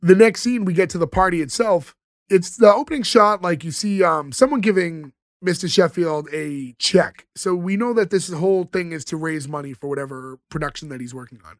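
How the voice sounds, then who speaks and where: A man's voice: sits high, fairly quick, dry recording, studio quality. A man co-hosting a podcast in casual chat, retelling scenes and acting out quoted lines. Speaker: podcast co-host.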